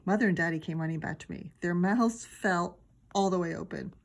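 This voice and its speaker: A woman teacher reading a children's chapter book aloud, lively and giggly as she tells the story. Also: on the low side, fairly quick, gravelly.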